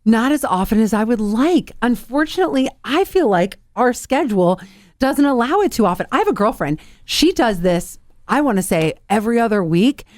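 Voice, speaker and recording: A middle-aged woman co-hosting a casual talk show, chatty and confessional, quick to laugh. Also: on the high side, lively intonation, a little mellow, no room sound, studio quality. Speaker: co-host. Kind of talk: casual chat.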